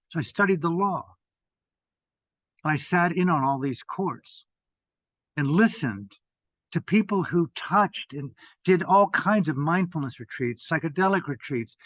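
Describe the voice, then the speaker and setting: Older male teacher, fervent and profane, slightly high voice, dry dull lo-fi audio. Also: expressive, measured pace, no echo. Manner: intense, profane, swings from loud to hushed. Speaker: meditation teacher. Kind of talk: impassioned talk.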